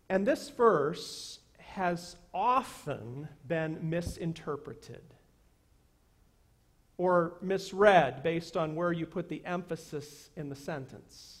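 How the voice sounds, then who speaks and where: High-voiced pastor preaching slowly. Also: male voice. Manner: earnest preaching with slow, emphatic repetitions. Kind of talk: sermon. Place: church sanctuary.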